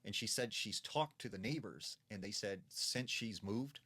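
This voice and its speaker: A man's voice: on the low side, normal speed, sharp tone, breathy edge. A man telling a ghost story in a casual, conversational way, full of fillers.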